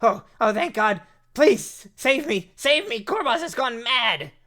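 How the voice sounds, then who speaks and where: A man voicing a trapped gnome who shouts frantically for rescue. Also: very high-pitched, big pitch swings, measured pace, voice pushed up, exaggerated voice. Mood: panicked. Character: panicked trapped male gnome.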